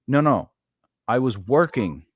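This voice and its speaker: A man's voice: medium pitch, takes it slowly, breathy edge, dry recording, studio quality. A man, a comedian and actor, chatting casually and acting out both sides of household arguments. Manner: animated storyteller, acts out both sides of arguments. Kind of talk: casual chat.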